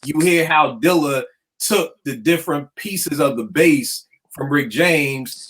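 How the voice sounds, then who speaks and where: A man with a slightly raised voice chats casually as a host, storytelling in animated slang. He talks like a producer about beats and remembers songs with plenty of energy. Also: a little high, takes it slowly. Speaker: podcast host; hip hop producer. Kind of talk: casual chat.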